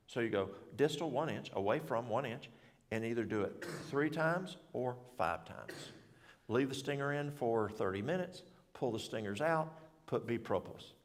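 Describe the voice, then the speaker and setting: A man's voice: medium pitch, animated, normal speed. A middle-aged man giving an informal health talk at a church, rambling in a folksy way and correcting himself as he goes. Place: church hall. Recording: long hall reverb.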